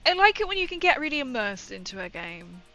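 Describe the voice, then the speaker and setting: A woman's voice: high-pitched, sing-song, fast talker, pushed and bright, highs cut off, faint music behind. A young woman chatting casually and rambling through a story while she paints on a livestream.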